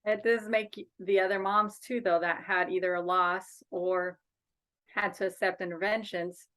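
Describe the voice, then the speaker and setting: A woman's voice: medium pitch, steady tone, normal speed, fairly bright tone. A woman speaking as a guest in a casual interview over a video call, earnest and outspoken, a bereaved mother and advocate.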